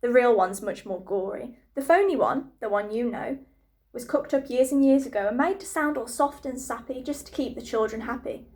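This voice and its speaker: A woman reading a rhyming storybook aloud to children with a lively, rhythmic delivery. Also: a little high, normal speed.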